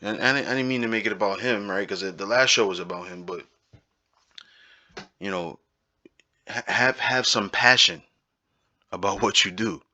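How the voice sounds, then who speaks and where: A man's voice: fairly low pitch, moderate pace, long pauses, bright, forceful tone, no echo. A man giving an informal Bible teaching, talking emphatically and repeating his points, often checking in with "right?". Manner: emphatic, repetitive, keeps asking "right?".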